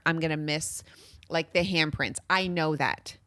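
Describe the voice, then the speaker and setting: A woman co-hosts a casual podcast, talking candidly and swearing without hesitation. Her voice sits low for a woman. The recording is dry and close, with no room sound. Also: normal speed, bright, forceful tone, dry recording. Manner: candid, venting, swears freely. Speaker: podcast co-host. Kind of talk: casual chat.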